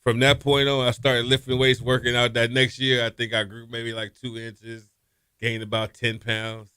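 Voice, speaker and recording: Guest: middle-aged man, lively storyteller, bright dry sound. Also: normal speed, clean tone, no room sound. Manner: animated storyteller, acts out quotes with raised pitch, laughs often. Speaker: former college quarterback, guest. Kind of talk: casual storytelling interview.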